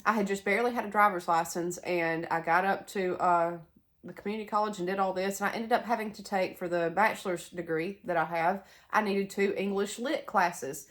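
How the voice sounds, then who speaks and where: A woman's voice: medium pitch, steady tone, brisk, a bit bright. A young woman with a Southern US accent, chatting casually to camera in a rambling way with asides. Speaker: homestead vlogger. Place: sunroom bedroom in a house.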